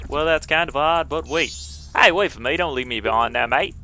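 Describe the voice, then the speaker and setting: A man's voice: fairly high pitch, a little fast, sharp tone, slight background noise. A man voicing a sassy, bossy female fairy with a put-on English accent. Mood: pleading.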